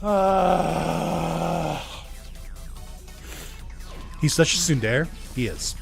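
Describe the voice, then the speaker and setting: A man's voice: a little high, expressive, drawn-out words, creaky, soft background music. Joking, rambling male game streamer. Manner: rambling, jokey, laughs often, swears. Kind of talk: casual game commentary.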